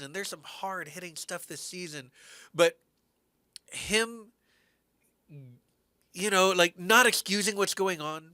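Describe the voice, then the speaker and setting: A man's voice: sits high, sharp tone, smooth, no echo. A man co-hosting a podcast, earnestly and animatedly recapping a TV show in casual chat. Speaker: podcast co-host.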